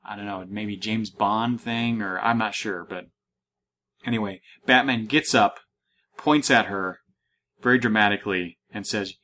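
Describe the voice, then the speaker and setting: A man's voice: on the low side, a little slow, pushed and bright. A man hosting a casual podcast, talking through a comic book with many restarts and fillers, reading panels aloud. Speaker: podcast host.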